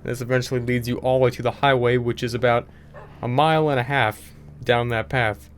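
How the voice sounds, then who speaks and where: A man's voice: medium pitch, fairly even intonation, a little fast, a little hiss or hum. A young man hosting a gaming channel, telling a story casually over gameplay, in a rambling way with lots of filler words.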